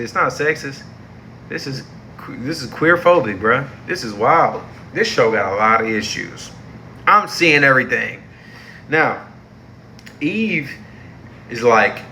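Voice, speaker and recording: A young man rants through a review of a TV series, heated and exasperated, full of slang and repetition. His voice sits at a middle pitch and comes across bright and forceful, with a faint hiss of noise behind him. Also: expressive, unhurried. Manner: heated, slangy and exasperated, repeating himself for emphasis. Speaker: TV show reviewer. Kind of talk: casual ranting review.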